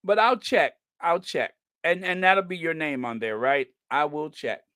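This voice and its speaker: An unhurried, chatty livestream host from the US who lets each thought run on and giggles at their own jokes. The sound is dry and close, with no room around it. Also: mid-range voice, pushed and bright, no echo. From United States. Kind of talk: casual livestream chat.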